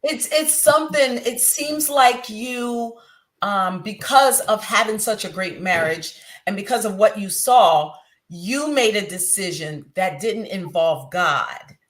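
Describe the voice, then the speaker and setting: Measured woman host, faith commentary. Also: medium pitch, animated. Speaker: interview host. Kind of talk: reflective faith-based commentary.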